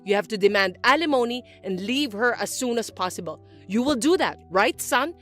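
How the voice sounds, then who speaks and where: A domineering mother-in-law, voiced by a woman, scolds in a high, indignant tone that leaps up and down. Faint music plays underneath the story narration. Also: animated, normal speed, fairly bright tone. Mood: whining. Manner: indignant, accusing and whiny. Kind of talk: scripted story voice-acting.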